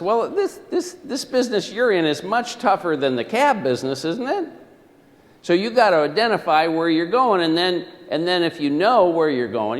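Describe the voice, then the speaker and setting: A man giving a live motivational presentation, telling stories and firing questions at his audience. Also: on the high side. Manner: animated, questions the audience, storytelling. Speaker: motivational speaker. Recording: echoey hall.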